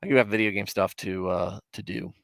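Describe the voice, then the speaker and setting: A man's voice: lowish voice, fairly even intonation, brisk, creaky, dry recording. A man hosting a casual livestream, chatting with viewers in a rambling, self-mocking way with mock indignation. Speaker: livestream host.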